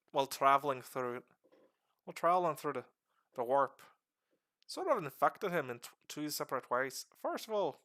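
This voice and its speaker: A man streaming live and explaining game lore to a friend in a casual, animated way with casual swearing. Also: a little high.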